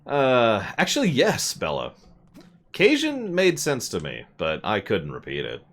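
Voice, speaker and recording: A man streaming a video game, rambling and joking as he plays, often jumping into high mock voices. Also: wildly swooping pitch, a little slow, a bit bright. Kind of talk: casual gameplay commentary.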